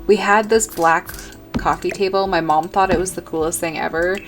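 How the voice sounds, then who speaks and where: A woman's voice: lowish voice, fairly even intonation, normal speed, faint music behind. A woman giving casual commentary while building in a life-sim game, rambling and correcting herself as she thinks aloud. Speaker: gaming video creator.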